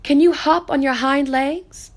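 A woman's voice: high voice, fairly even intonation, measured pace, pitched above the performer's own voice. A woman voicing a bold, teasing young male wild rabbit with a bouncy, taunting way of speaking.

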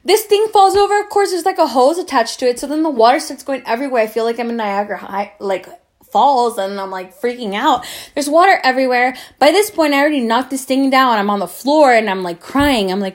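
A young woman who grew up speaking tells a long personal story in a casual, animated way, swearing and acting out what others said. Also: high-pitched, quick pace. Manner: animated, swearing, acts out quoted voices.

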